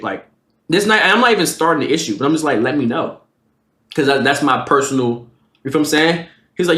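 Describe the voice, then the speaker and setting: A young man in his twenties telling a casual, profane storytime, jumping into animated quoted lines. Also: on the high side, quick pace. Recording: roomy echo.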